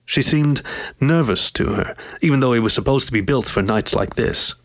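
A man reading a story aloud in an even, steady narration. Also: mid-range voice, normal speed. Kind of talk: scripted narration.

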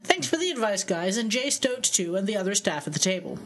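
A woman reads a listener letter on a podcast, moving through it quickly. The delivery is brisk and steady. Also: mid-range voice. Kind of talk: reading a listener letter aloud.

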